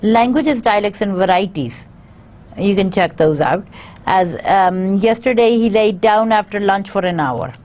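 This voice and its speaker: A woman lecturer, working through her slides at a measured, halting pace. She leaves frequent filler pauses and reads word lists aloud one item at a time. Her voice sits at a medium pitch. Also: a little mellow. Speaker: university lecturer. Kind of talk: recorded lecture reading from slides.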